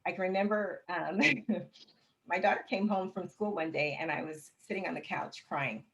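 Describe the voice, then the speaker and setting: A woman telling her personal story as an interview guest, candid and expressive, with touches of humor. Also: lowish voice, normal speed, rough recording.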